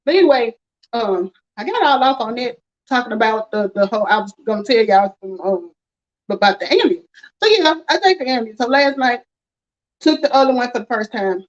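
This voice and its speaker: A woman's voice: fairly high pitch, animated, fairly quick. A woman hosting a live stream, rambling through a story and laughing often. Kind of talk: casual storytelling chat. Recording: slightly dull lo-fi audio.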